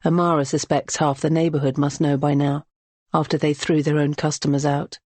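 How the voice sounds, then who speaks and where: Low-voiced woman reading a novel. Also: little pitch movement, brisk, darkish tone, no echo. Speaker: audiobook narrator. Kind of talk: scripted narration.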